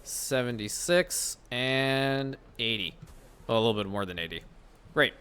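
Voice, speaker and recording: A male gaming channel host chats and thinks aloud through casual gameplay commentary, often correcting himself mid-sentence. His mid-range voice is a little slow, pushed and bright, with a clear, resonant tone.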